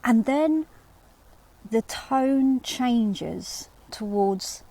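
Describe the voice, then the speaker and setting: A woman channel host lectures on early medieval riddles, explaining at length with restarts and rhetorical asides and reading quoted verse aloud. Her voice is on the high side, warm, with lively intonation, and she speaks extremely slowly.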